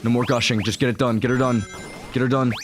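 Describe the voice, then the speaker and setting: A young man gushing through let's-play commentary, casual and excited, with slang and swearing. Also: medium pitch, fast talker, soft background music. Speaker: gaming streamer.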